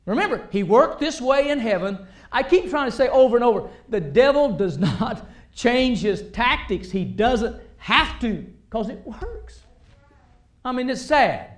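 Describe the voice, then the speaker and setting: A man preaching a sermon, animated, swinging between loud emphasis and quiet asides. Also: extremely high pitch, unhurried, reverberant.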